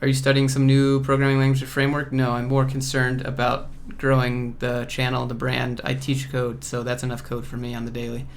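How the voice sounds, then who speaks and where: A man from Georgia hosting a casual livestream Q&A from home, relaxed and offhand as he reads and answers chat questions. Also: medium pitch, brisk, hardly any pauses. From Georgia, USA. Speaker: coding YouTuber host.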